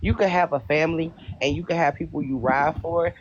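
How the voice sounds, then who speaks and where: A man speaking as a guest on a live stream, measured and methodical, laying out his case through pointed questions. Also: a little high, fairly even intonation, lo-fi sound. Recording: noisy line with clicks.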